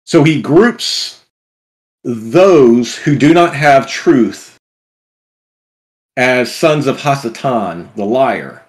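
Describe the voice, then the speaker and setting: A man co-hosting a scripture study show, talking through passages in a halting, searching way. He restarts words often and fills pauses with hesitations, at an ordinary mid pitch. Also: expressive. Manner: halting, many restarts and fillers. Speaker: podcast co-host. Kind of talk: casual scripture discussion.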